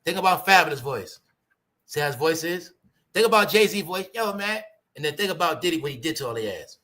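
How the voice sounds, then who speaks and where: High bright New man chatting. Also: a little fast. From New York. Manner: animated, addresses audience as y'all, mimics voices. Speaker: commentary show host. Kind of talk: casual celebrity gossip commentary.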